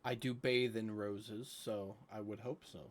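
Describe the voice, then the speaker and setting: A man's voice: fairly low pitch, flat delivery, unhurried, a little hiss or hum, close to an everyday voice. A man playing an ancient, smug male being who mocks the party in a tabletop game. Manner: mocking, self-satisfied.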